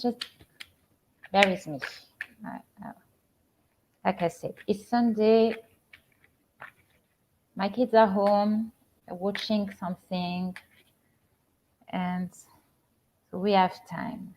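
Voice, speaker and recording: A middle-aged woman with a French accent, a spiritual coach hosting a casual live stream from home, talking gently with many halting restarts. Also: mid-range voice, steady tone, slight background noise. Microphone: computer or phone camera on a live stream. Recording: slightly dull lo-fi stream audio.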